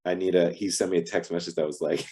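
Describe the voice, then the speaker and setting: A deep-voiced man with a slightly husky tone chats on a video call. He tells anecdotes in a relaxed, lively way, often slipping into quoted dialogue. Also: fast talker. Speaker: actor guest. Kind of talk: casual interview storytelling.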